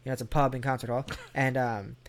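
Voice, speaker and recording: A man tells a meandering, profanity-laced story in relaxed conversation. He talks at an ordinary middle pitch and jumps into little voices for the people he quotes. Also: fast talker. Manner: rambling, profane, animated storyteller who acts out quotes. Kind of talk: casual storytelling chat.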